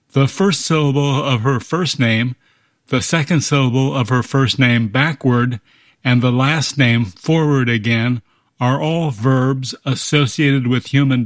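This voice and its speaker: A man acting as puzzle master on a radio show, reading clues in a measured way and spelling words letter by letter. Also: mid-range voice, no echo, clean studio sound. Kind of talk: radio quiz hosting.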